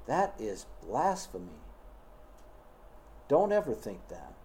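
A man's voice: on the high side, very animated, unhurried, pauses often, mellow. A man preaching a sermon in an emphatic, scolding way, full of rhetorical questions.

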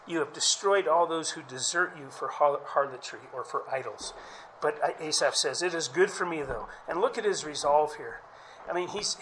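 A man's voice: a little high, pushed and bright, slight background noise, poor audio. A man preaching a sermon in a conversational way, often restarting phrases and asking the listeners questions. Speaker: pastor.

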